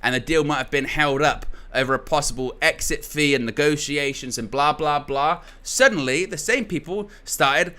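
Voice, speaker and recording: A man's voice: a little high, moderate pace, few pauses, pushed and bright. A young man hosting a football channel, giving casual opinion commentary in a rambling way, restarting phrases often and leaning on filler words.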